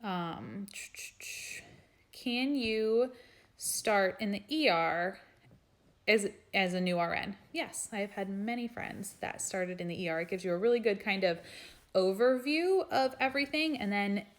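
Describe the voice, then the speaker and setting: A woman's voice: mid-range voice, a little slow. A young adult woman, a nurse practitioner, reading out viewers' questions in a live stream and answering them in a frank, chatty way. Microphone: phone or webcam for a live stream.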